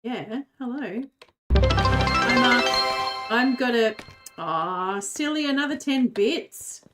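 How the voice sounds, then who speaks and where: A woman's voice: on the high side, takes it slowly, over loud music. A woman streamer chatting casually while she plays a game, giggling and rambling. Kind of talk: casual gaming chat.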